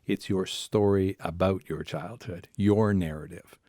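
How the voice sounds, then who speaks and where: A man's voice: deep voice, steady tone, measured pace, dark tone, no echo, studio quality. A man, a family therapist, telling personal stories on a podcast in a reflective way and acting out voices within them. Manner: reflective, acts out inner voices in his stories. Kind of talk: conversational podcast storytelling.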